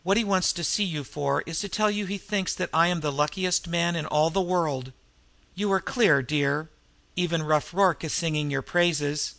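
A man voicing a gallant male adventurer who speaks softly and gently. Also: on the high side, normal speed, vocal fry, no room sound. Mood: gentle. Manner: soft, gentle.

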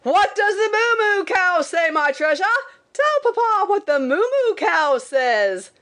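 A woman reading aloud, voicing a loud doting father who shouts sing-song baby talk at his children. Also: very high-pitched, sing-song, unhurried, pitched above the performer's own voice, heavily acted. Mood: shouting cheerfully.

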